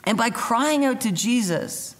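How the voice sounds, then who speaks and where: A man preaching a youth sermon as pastor, talking in a lively, conversational way and acting out the voices of people in the story. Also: extremely high pitch, measured pace.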